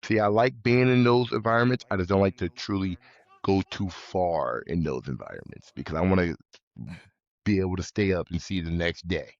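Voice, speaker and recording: A young American man, a college football player, talking as a guest in a remote interview, relaxed and halting, often repeating himself. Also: low voice, lo-fi sound. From United States. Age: young adult.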